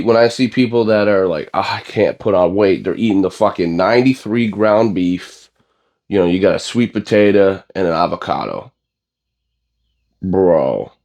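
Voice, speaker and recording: A man's voice: lowish voice, darkish tone. A young man on a bodybuilding vlog talking casually, blunt and profane, rambling with lots of fillers. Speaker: bodybuilding vlogger. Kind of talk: casual gym vlog rant.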